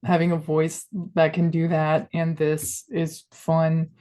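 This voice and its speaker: A woman's voice: low voice, completely flat delivery, slow, warm tone. A woman guest on a podcast, chatting casually and rambling with constant "like" fillers in a playful way. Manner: playful, switches between voices. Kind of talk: casual interview chat.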